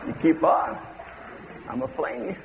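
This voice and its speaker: A man preaching a sermon, telling stories with dramatic swings from hushed tones to shouts. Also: fairly high pitch, big pitch swings, normal speed, creaky, very noisy. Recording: dull reverberant hall recording.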